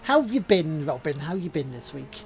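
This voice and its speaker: Lively joking man. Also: a little high, normal speed, creaky, faint music behind. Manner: joking, swears freely, laughs often. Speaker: livestream co-host. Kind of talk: casual chat over a racing game stream.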